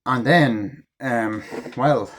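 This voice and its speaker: A man's voice: medium pitch, very slow. A man giving a casual, rambling movie review at home, full of swearing and fillers. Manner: rambling, profane, filler-heavy retelling.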